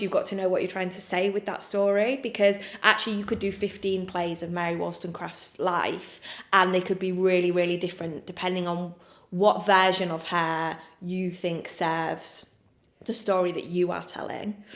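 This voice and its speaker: English woman writer, candid interview, lowish voice, roomy echo. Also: a bit bright. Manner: chatty, frank, with many fillers and laughs. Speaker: playwright. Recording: echoey room.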